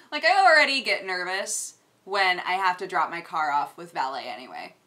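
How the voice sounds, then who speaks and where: A young woman hosting a casual daily vlog, telling a story in a lively, exasperated way. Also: fairly low pitch, normal speed. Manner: gets loud and exasperated retelling a rant. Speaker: vlog host.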